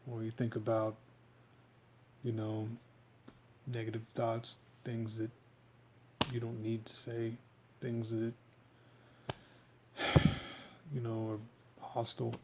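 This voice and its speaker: A man giving a rambling, halting monologue, full of fillers as he explains a technique. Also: medium pitch, completely flat delivery, darkish tone, a little hiss or hum, poor audio. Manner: halting, filler-heavy, meandering.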